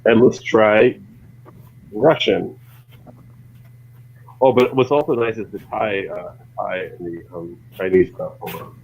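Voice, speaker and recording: A man's voice: lowish voice, takes it slowly, long pauses, slight background noise. A man casually chatting as a co-host and explaining step by step what he is about to try. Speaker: co-host running the text-to-speech. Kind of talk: casual chat. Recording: tinny phone-like line.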